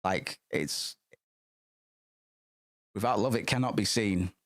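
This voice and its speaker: A man's voice: fairly low pitch, slow. A man streaming, chatting casually and rambling, swearing freely with many restarts.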